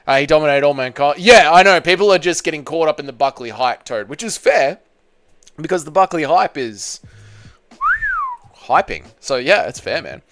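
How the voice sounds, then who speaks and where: A man's voice: fairly high pitch, sing-song, normal speed, fairly bright tone, no echo. An Australian man hosting a live stream, reading viewer chat aloud and answering in crude, joking banter. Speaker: channel host.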